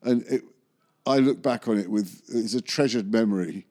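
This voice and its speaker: A man's voice: fairly low pitch, normal speed, dark tone. A man, a magician, telling a rambling anecdote in an interview, often correcting himself and chuckling. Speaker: magician recalling film work.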